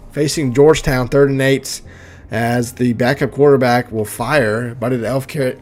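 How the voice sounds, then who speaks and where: A young man from Oklahoma provides joking play-by-play for a video game football league, often laughing and tripping over names. His voice is mid-range and a little mellow.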